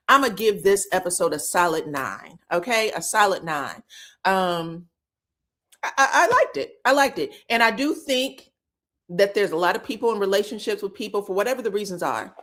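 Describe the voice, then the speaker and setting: Animated woman gossiping about reality TV. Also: on the low side, moderate pace. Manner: animated, quotes cast members in retellings, profane. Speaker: reality TV recap host. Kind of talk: casual gossip recap.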